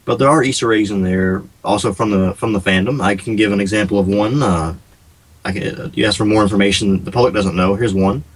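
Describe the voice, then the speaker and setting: A man with a fairly low voice chats easily as a guest on a radio show. He talks at length about his project, restarting phrases here and there as he goes. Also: husky, rough recording. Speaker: game developer guest. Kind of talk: casual radio interview.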